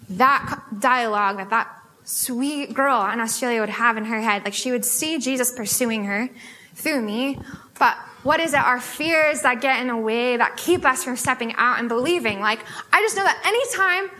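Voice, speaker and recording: A young American woman giving a testimony sermon at a student fellowship, telling stories in an animated way with lots of filler words. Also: on the high side, moderate pace. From United States. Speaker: guest speaker at a student fellowship.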